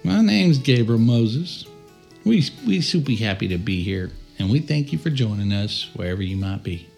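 A man co-hosting a casual podcast, telling stories in an earnest, unhurried way. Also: fairly low pitch, expressive, creaky, darkish tone, soft background music. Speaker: podcast co-host.

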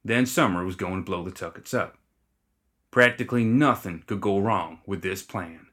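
A man reading fantasy fiction aloud as narrator, in a wry, even storytelling manner. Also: sits low, moderate pace. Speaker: audiobook reader.

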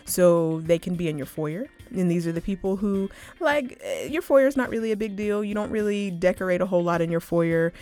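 A woman's voice: fairly low pitch, brisk, few pauses, mellow, soft background music. A woman hosting a casual solo podcast, chatting informally, often saying "like" and "y'all" and swearing freely. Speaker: podcast host.

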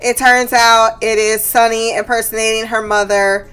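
Woman podcast host with a high voice, loose and profane, breaking into laughter, faint music underneath. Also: level tone, normal speed, a bit bright, smooth. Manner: laughs often, swears freely, goes off on tangents. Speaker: podcast host recapping a TV episode. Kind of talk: casual chat.

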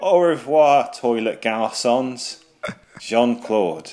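A slow, theatrical caricature of a pompous Frenchman, as a man puts him on. The fake French accent is laid on thick and mocking, and the voice swings widely in pitch. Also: animated, darkish tone. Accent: exaggerated fake French. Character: mock pompous Frenchman letter writer.

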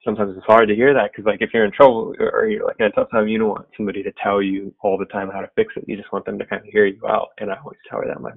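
Over what sounds like a thin, tinny phone connection, a husky, fairly low-voiced man with some gravel talks fast and flatly. Earnest and reflective, he loosely recounts a personal faith story packed with fillers.

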